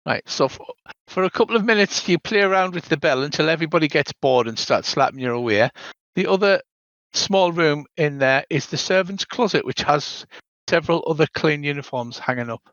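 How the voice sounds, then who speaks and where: Running a tabletop game, this older game master describes each scene in detail, tossing in "so there is" now and then. He sounds slightly high, animated and a little quick, with a fairly bright tone on a dull, dry, lo-fi recording.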